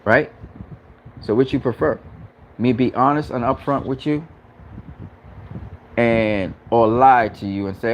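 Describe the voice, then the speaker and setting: A man's voice: medium pitch, a little slow, pauses often, slight background noise. A man hosting a casual live stream, talking earnestly and repeating himself with stammering restarts. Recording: lo-fi, faint background ambience.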